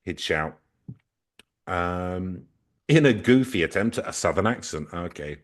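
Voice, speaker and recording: A man co-hosting a comedy podcast, reading a story aloud and joking in a playful, deadpan way. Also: low voice, a little slow. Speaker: podcast co-host.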